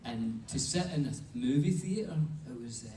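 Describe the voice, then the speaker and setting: A man's voice: mid-range voice, expressive, normal speed, warm tone, slight background noise. A middle-aged man on a film cast panel telling an easygoing, chuckling anecdote. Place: large convention hall. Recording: echoey hall, distant mic.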